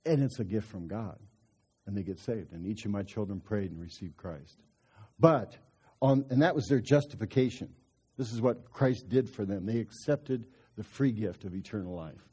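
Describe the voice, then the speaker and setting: A man's voice: fairly low pitch, animated, normal speed, mellow, slightly rough. A middle-aged man giving a storytelling sermon at a parenting conference, folksy and chuckling through his anecdotes.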